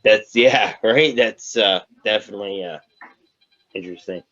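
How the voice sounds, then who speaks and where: A man's voice: lowish voice, normal speed, fairly bright tone, lo-fi sound. A man hosting an interview, reacting with short replies. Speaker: host. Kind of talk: interview backchannel.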